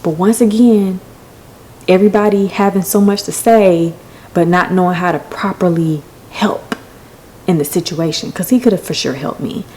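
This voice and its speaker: Candid woman host, lowish voice. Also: normal speed, darkish tone, slight background noise, poor audio. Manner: candid, profane, emotional retelling. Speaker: podcast host. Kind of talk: personal storytelling.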